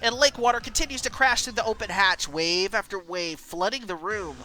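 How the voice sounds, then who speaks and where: A woman streamer reading a story game aloud, animated and quick. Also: medium pitch, faint music behind, low-quality recording.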